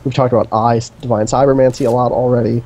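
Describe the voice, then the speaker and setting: Mellow-voiced man in excited rambling chat. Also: mid-range voice, quick pace, lo-fi sound. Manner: enthusiastic, rambling, many fillers. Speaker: co-host of a gaming stream. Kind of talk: casual chat. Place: indoor streaming setup.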